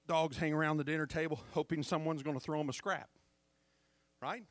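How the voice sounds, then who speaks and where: A man's voice: a little high, steady tone, fairly quick, no room sound. A man preaching a sermon as pastor, fervent and calling out to the congregation for responses.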